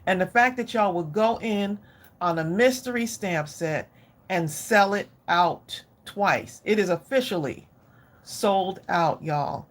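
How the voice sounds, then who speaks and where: Middle-aged lady on a craft livestream, slow easy talker, chatty and gushy with the viewers. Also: medium pitch. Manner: effusive, chatty, addresses viewers directly. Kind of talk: casual live chat with viewers.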